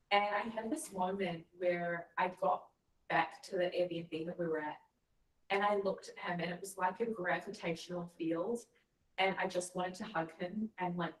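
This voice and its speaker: Woman guest, lowish voice, heard a bit off-mic in an echoey room, earnest reflective storyteller. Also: far from the mic. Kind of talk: casual chat.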